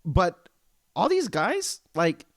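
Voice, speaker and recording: Animated man telling stories on a podcast. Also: high-pitched, takes it slowly, dry recording, clean studio sound. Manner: animated storyteller, acts out dealer dialogue. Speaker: podcast co-host. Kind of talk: casual chat.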